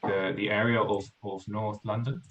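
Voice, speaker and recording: A man teaching an online English class, explaining in a relaxed way and repeating words for emphasis. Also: on the low side, moderate pace, highs cut off. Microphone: video call.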